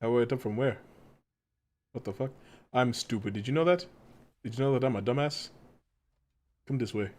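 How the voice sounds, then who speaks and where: A man's voice: medium pitch, a little fast, pauses often. A man live-streaming a game and chatting casually with viewers. He swears freely, laughs often and pokes fun at himself. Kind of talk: casual gaming stream chat.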